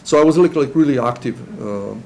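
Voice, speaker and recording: A middle-aged man speaks English in an earnest, stop-and-start way, looping back over his words as he tells his own story. His voice is gravelly with plenty of fry, at an ordinary middle pitch. A faint hum of noise sits under it. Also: darkish tone. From Serbia. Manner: halting, many restarts, earnest. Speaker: interviewee. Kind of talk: personal testimony.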